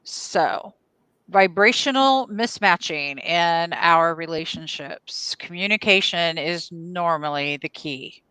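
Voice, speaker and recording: A woman's voice: lowish voice, lively intonation, takes it slowly, bright, forceful tone, clear, resonant tone, no echo. A woman co-hosting a live stream, casually chatting and reading out viewer comments in an upbeat, agreeable way. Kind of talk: casual chat.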